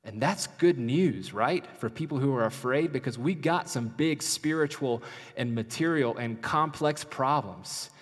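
A male pastor preaching a sermon, swinging between loud urgent questions and soft, hushed phrases. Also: medium pitch, measured pace, husky. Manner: dynamic preaching, rising loud then dropping to near whisper. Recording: long hall reverb.

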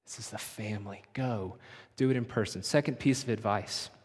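A man preaching a sermon as pastor, pressing points hard, then dropping to hushed, slowed phrases. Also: lowish voice, slightly rough. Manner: emphatic, swinging from loud urging to hushed, slowed phrases. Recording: long hall reverb.

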